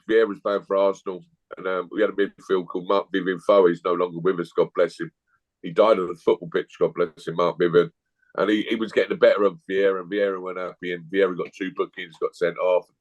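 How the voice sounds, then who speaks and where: A man's voice: deep voice, flat delivery, fairly quick, rough recording. Blunt joking man telling stories. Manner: blunt storytelling, jokey. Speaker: guest. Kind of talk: casual chat.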